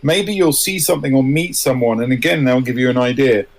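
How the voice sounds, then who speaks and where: A man's voice: medium pitch, brisk, low-quality recording. Encouraging man giving rambling advice. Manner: rambling, encouraging, restarts phrases. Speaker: writer guest. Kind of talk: casual advice chat.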